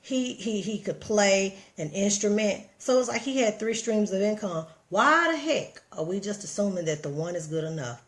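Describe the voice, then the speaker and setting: On a livestream, a vlogger with a Southern American accent delivers lively, sermon-like motivation in a casual way, talking to viewers and reading their comments aloud. She speaks at medium pitch and normal speed with few pauses.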